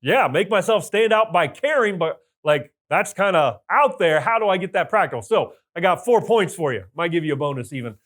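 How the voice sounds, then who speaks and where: A man giving a motivational talk to business owners, energetic with loud bursts of enthusiasm and emphatic repetition. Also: sits high, a little fast, hardly any pauses. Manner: emphatic repetition of key points. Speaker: business coach.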